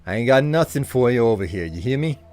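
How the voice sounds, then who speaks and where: A man's voice: sits low, very animated, normal speed, husky, soft background music, full character voice. A British man putting on a tough-talking Boston working man, with a broad, stereotypical accent. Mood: swaggering. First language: British English speaker faking the accent. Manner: exaggerated stereotypical accent put-on.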